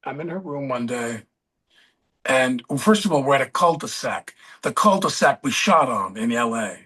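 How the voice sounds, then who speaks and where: A man as a podcast guest, telling rambling anecdotes and pausing to search for names mid-story. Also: medium pitch, lively intonation, bright, forceful tone, slightly rough.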